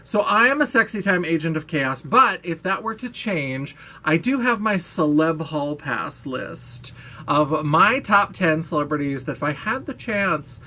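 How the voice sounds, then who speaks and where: A woman's voice: sits low, sharp tone, a little hiss or hum. Frank, gushing woman vlogger. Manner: gushing, playful and frank, with swearing and laughs. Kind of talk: casual chat to camera.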